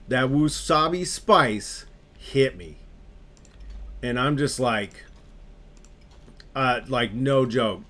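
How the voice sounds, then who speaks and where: A man's voice: mid-range voice, a bit bright. A young adult man on a gaming stream, casually telling a story while he plays, laughing often and talking in loose slang.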